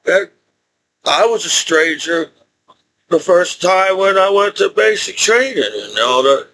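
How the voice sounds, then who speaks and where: High-voiced rambling man who chuckles. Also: lively intonation, unhurried, pushed and bright, poor audio. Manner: rambling, chuckles often, repeats himself. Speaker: military veteran vlogger. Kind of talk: rambling personal monologue.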